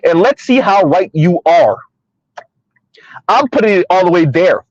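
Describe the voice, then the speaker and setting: A man in his thirties delivers sassy, preachy social commentary straight to his audience. His voice is fairly high and slightly husky. The sound is dry and dull, like a lo-fi recording. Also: animated, measured pace, a little mellow, no echo. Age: 30s. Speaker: commentary streamer.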